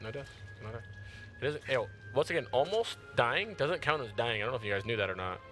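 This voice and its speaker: A man's voice: medium pitch, expressive, fast talker, a bit bright, soft background music. A tired man giving slangy live gameplay commentary, yelping and squealing when startled. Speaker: gaming streamer.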